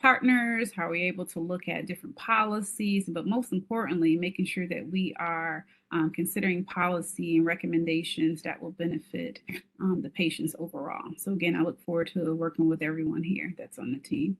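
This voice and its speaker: Measured woman healthcare advocate. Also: lowish voice, fairly even intonation. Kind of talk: task force introduction.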